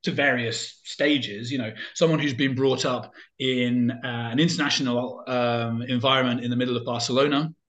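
Rambling man, mid pitch. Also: steady tone, normal speed, few pauses, a bit bright. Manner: rambling, many fillers and restarts. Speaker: guest. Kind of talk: casual interview chat.

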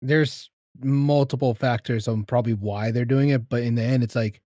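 A man's voice: medium pitch, steady tone, moderate pace, mellow, dry recording. Stammering man in casual chat. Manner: repetitive, restarts often, agreeing. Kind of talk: casual chat over a video call.

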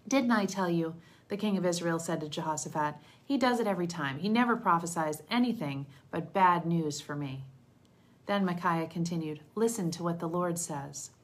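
A woman reads scripture aloud in a lowish voice, steady and measured. She gives the quoted speech a light touch without really acting it out. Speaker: Bible reader.

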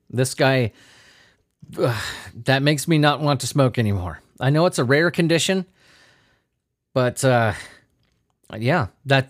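A man's voice: fairly high pitch, no echo, clean studio sound. A man hosting a comedy news podcast, riffing on odd stories in a sarcastic, profane way. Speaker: podcast host.

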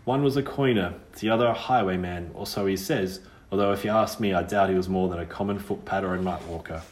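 A man's voice: low voice, quick pace, roomy sound, natural voice. A man voicing a pert, wary young witch girl's ghost who speaks in a rustic country dialect.

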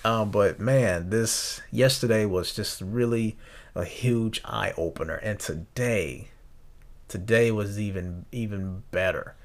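A young man hosting a podcast, talking earnestly and reflectively, often halting and restarting his sentences. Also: lowish voice. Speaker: podcast host. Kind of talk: reflective personal talk.

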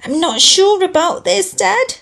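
A woman's voice: extremely high pitch, lively intonation, measured pace, vocal fry, voice pushed up, exaggerated voice. Woman voicing a sad lonely little sock boy. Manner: soft, wistful and plaintive. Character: sad lonely young male odd sock.

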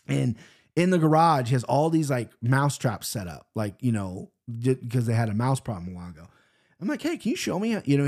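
A man in a mid-range voice rambles through his betting picks in loose, profane chat. He talks bluntly and drifts off on tangents, and he swings between loud bursts and quiet asides. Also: medium pitch. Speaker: podcast host picking fight bets.

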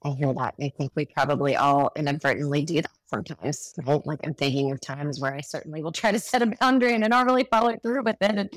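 A woman hosting a podcast who reflects on her guest's points and asks thoughtful questions. Her voice sits fairly low. The sound is dry and close. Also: fast, hardly any pauses, no room sound. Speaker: podcast host. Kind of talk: podcast interview.

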